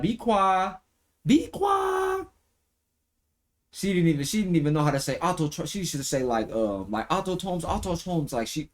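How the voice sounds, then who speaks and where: Profane, slangy streamer with a lowish voice. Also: male voice, a little mellow. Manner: loose and profane, full of slang fillers; breaks into high mocking impressions. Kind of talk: casual reaction-stream rant.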